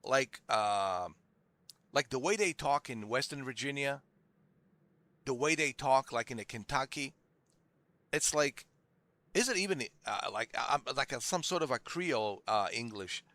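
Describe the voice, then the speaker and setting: Bright-voiced man rambling over gameplay. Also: mid-range voice, lively intonation, measured pace, pauses often, dry recording. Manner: rambling, heavy "like" fillers, chatty. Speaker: gaming video creator. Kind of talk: casual gameplay commentary.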